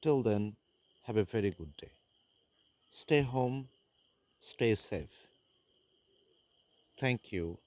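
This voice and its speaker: A man teaching an English grammar lesson, reading out connectors and example sentences in a slow, deliberate way. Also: on the low side, animated, darkish tone.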